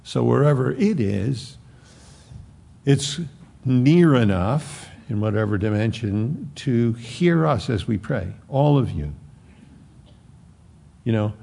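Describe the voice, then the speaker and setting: A man preaching a sermon in a conversational, rambling way, with dramatic drops into soft, low tones. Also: expressive, takes it slowly, gravelly, long pauses.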